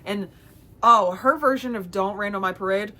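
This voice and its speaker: A woman's voice: mid-range voice, normal speed, pushed and bright. Chatty, self-mocking woman vlogger. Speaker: vlogger and theater producer. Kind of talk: casual storytelling vlog.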